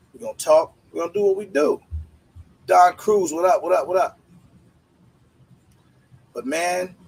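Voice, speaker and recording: A man with a somewhat high voice and a breathy edge hosts a casual livestream, greeting viewers by name in relaxed slang. The recording is rough.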